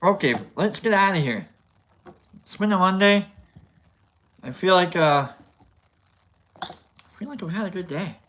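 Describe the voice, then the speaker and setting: Rambling, jokey male streamer with a bright voice. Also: high voice, expressive, unhurried, pauses often, slight background noise. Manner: rambling, jokey, bursts of mock outrage. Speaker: streamer host. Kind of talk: casual live-stream chat.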